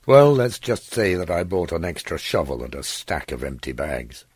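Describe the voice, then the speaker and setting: A man voicing an earnest, worried older man in an audiobook story, speaking in a measured way. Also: deep voice, sing-song, slightly rough, dry recording, studio quality, exaggerated voice.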